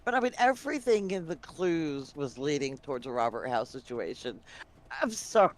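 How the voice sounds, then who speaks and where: A man chatting casually with friends about a game, laughing often and adding quick asides. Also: a little high, sing-song. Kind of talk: casual gaming chat.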